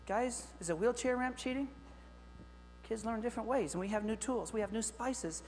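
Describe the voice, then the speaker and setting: A middle-aged man giving a lively, joking keynote talk to teachers, speaking straight to the audience. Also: high-pitched, fairly quick. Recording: long hall reverb with faint mains hum.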